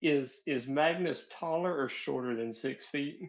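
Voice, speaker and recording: A man's voice: medium pitch, measured pace, vocal fry, muffled recording. A man playing a tabletop game, eager and playful as he describes his fighter. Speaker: player.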